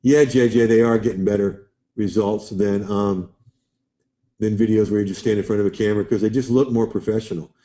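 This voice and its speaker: A man's voice: lowish voice, steady tone, fairly quick, warm tone. A man hosting a live webinar, chatting loosely and answering viewers' questions by name. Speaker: webinar host.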